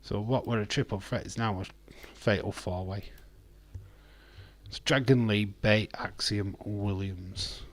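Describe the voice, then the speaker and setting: A man's voice: lowish voice, fairly even intonation, measured pace. A man with a Yorkshire accent hosting a live wrestling watch-along, chatting casually and reacting to viewer messages. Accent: Yorkshire English. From Yorkshire, England. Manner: chatty, reacts to chat messages, laughs easily. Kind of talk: casual live commentary and chat.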